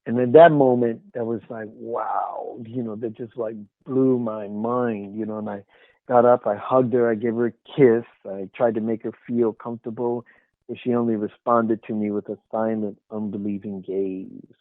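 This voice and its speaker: Low-voiced man guest telling an emotional story, heard through a thin, phone-like, dry line. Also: level tone, normal speed, no echo. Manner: earnest, emotional, soft dips in quiet moments. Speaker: guest, author. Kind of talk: storytelling in an interview.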